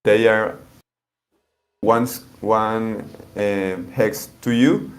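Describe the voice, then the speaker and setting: A man's voice: fairly low pitch, fairly even intonation, drawn-out words. A man being interviewed as a game designer, explaining the rules step by step with many restarts. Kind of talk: interview answers.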